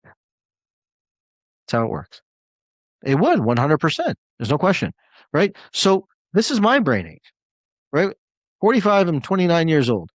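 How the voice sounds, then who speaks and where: A man in his forties talks to an online audience in a motivational style, hammering home points through repetition. His pitch swoops up and down with lots of movement. The recording is dry and close, with no room echo. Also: sing-song, a little slow, pauses often. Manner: emphatic and repetitive, leans on key words. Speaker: motivational speaker. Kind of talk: motivational webinar talk.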